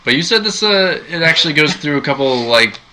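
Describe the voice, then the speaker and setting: A man's voice: on the high side, lively intonation, brisk, bright, forceful tone, slight background noise, poor audio. A man co-hosting a podcast, chatting casually and prompting his co-host with curious questions. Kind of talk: casual chat.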